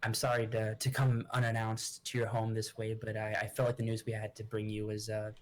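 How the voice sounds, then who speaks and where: A man's voice: fairly low pitch, completely flat delivery, brisk, a little hiss or hum, close to an everyday voice. A man voicing a grieving noblewoman adventurer who rambles and restarts her sentences. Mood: somber. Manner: rambling and hesitant, with many restarts.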